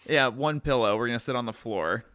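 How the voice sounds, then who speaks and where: A man's voice: medium pitch, a little fast, fairly bright tone. A man co-hosting a podcast, chatting casually and joking around with playful banter. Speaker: podcast co-host.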